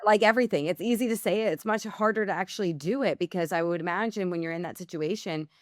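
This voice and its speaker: A woman's voice: fairly low pitch, quick pace, dry recording, clean studio sound. A woman hosting a podcast, asking curious, probing follow-up questions in a conversational way. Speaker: podcast host. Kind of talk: conversational interview.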